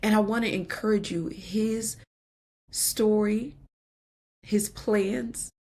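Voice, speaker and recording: A woman's voice: medium pitch, fairly even intonation, takes it slowly, dark tone. A woman podcast host giving an earnest, emotional personal faith testimony, laughing now and then between lines.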